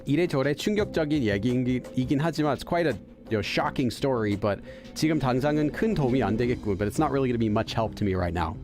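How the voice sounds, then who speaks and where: A man hosts a let's play, reading game text aloud and translating it line by line. He thinks aloud and talks fast, at a middling pitch. Game music runs underneath. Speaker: host of a game channel for Korean learners.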